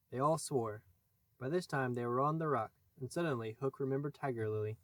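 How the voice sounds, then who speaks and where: A man's voice: medium pitch, no echo. Man reading a classic story aloud. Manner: measured storytelling. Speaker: audiobook narrator. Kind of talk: scripted narration.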